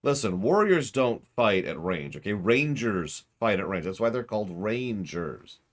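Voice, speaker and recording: Sarcastic low-voiced game streamer man. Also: measured pace. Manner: sarcastic, excitable, swears. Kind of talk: casual game stream commentary.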